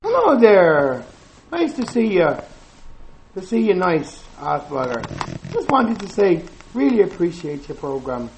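A man's voice: high-pitched, sing-song, measured pace, a little hiss or hum, low-quality recording. A man leaving a voicemail, talking in an exaggerated put-on Irish accent. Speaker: voicemail caller. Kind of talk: recorded voice message.

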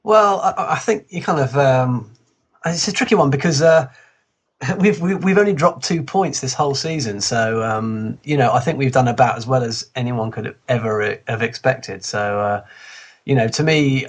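A man speaks as a guest on a football podcast, hesitant and often restarting his sentences. His voice has a slightly husky edge. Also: mid-range voice, moderate pace. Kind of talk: casual interview chat.

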